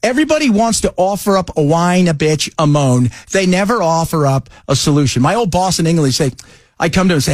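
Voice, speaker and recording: Talk radio host, man, lively swooping voice, slightly high, dry studio sound. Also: a little fast, dry recording. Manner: animated, jokey, loose asides. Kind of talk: casual talk radio banter.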